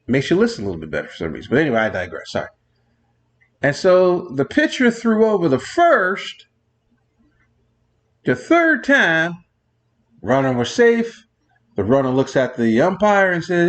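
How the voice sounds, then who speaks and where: A man's voice: fairly high pitch, big pitch swings, moderate pace, pauses often, a bit bright. A man hosting a sports show, ranting in a rambling monologue full of digressions, exasperated with new rules. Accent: New York. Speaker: sports radio host.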